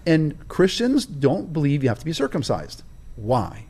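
A man's voice: on the high side, big pitch swings, unhurried, mellow, husky. A man telling his own story as a guest in an interview, emphatic and stressing key words in a preaching cadence. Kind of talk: personal storytelling in a conversation.

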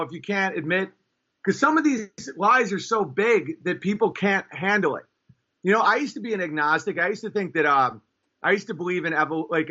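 A high-pitched man with a bright, forceful edge talks at length as a guest. He rambles and pushes his points hard, and he imitates other people in squeaky put-on voices. The sound is slightly muffled and lo-fi. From New York State. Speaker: guest, stand-up comedian. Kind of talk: casual conversation on a podcast.

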